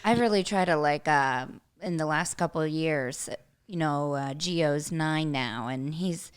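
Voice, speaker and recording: A woman's voice: low-pitched, measured pace, smooth. A woman co-hosting a podcast, telling casual stories about her children. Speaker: podcast co-host.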